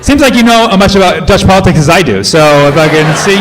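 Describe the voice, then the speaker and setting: A man from the United States doing stand-up crowd work, questioning the audience in a quick, playful way. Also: high-pitched, lively intonation. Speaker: stand-up comedian. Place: comedy club with a live audience. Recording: live stage recording with crowd noise.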